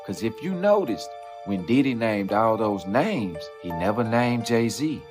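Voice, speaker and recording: A man's voice: fairly low pitch, very animated, measured pace. A man narrating a scripted rap-history commentary, telling it as a story and asking rhetorical questions. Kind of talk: scripted narration over music. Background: background music.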